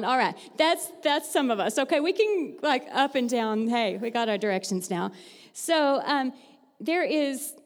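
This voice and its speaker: A woman with a high voice speaks in a bright teacher voice, upbeat and chatty, laughing easily as she leads a church group. Her words ring out with a long reverb off the hall. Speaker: fourth-grade teacher giving a church talk. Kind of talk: lively church devotional with audience participation.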